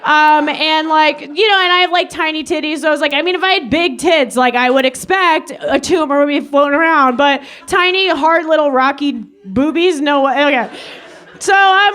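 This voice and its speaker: A young woman comedian from Long Island telling a rambling story on stage, giggling through it with deadpan asides. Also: high-pitched, moderate pace. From Long Island, New York. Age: young adult. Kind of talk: live stand-up storytelling. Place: comedy stage with live audience.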